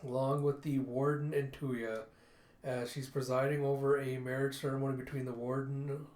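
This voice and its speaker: A man casually walking through the panels of a comic, chatty and loose, with fillers and self-corrections. His average-pitched voice carries a roomy echo. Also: level tone, normal speed, darkish tone. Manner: casual, chatty, repeats "and you see". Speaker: comic book reviewer.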